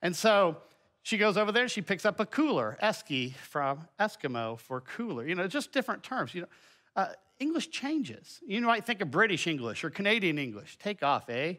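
A man's voice: sits high, sing-song, normal speed, bright, forceful tone. A middle-aged man giving a folksy, conversational Bible lesson with slides, full of asides. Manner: folksy and conversational, with many asides and filler words. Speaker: teacher presenting a children's Bible lesson.

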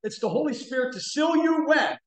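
High-voiced man preaching in an echoey church. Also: animated, fairly quick. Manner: preaching with rising emphatic bursts. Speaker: guest preacher. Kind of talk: sermon. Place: church sanctuary.

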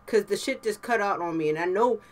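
A woman YouTuber doing let's play commentary, tipsy and frustrated, cursing freely with loud outbursts. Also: mid-range voice, brisk, very noisy. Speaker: gaming YouTuber.

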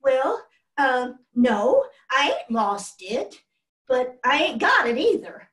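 A woman putting on a nervous little boy, high and loud, tripping over his words as he stammers. It is heard from a distant mic in a roomy hall. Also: sing-song, slow, full character voice. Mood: flustered. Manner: stuttering, flustered.

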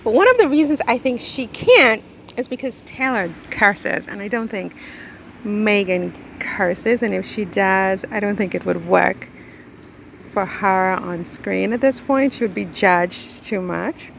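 A woman's voice: medium pitch, creaky. A woman chatting casually to her camera outdoors, rambling and talking while she eats. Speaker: vlogger. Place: outdoors in hot weather. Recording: faint background noise.

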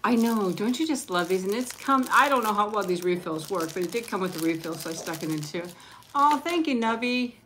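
A woman hosting a casual live stream, chatting warmly and gushing, thanking viewers one by one. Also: medium pitch, lively intonation, brisk, a little hiss or hum. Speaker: livestream host showing handmade junk journals.

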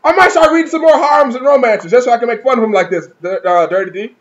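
A man with a high-pitched voice gives a casual, comic review, mocking and swearing freely. The recording is dull and lo-fi. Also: fast talker. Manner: profane, mocking, laughs often. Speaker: manga reviewer.

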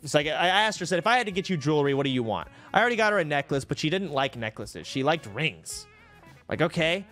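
A young man with a raised, very animated voice talks to his live audience in a profane, sarcastic way. He speaks casually into a desk microphone from his home streaming setup, with faint music playing underneath. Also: fairly high pitch, fast talker.

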